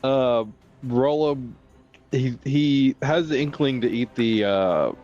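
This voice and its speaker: A man's voice: mid-range voice, takes it slowly, darkish tone, muffled recording, faint music behind. A man playing a tabletop game, describing his character's actions in a hesitant, casual way. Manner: hesitant, filler-heavy. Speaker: player.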